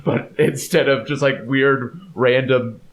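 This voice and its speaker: Slow-talking man co-host, chuckling along. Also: medium pitch, steady tone, rough recording. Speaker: podcast co-host. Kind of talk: casual podcast chat.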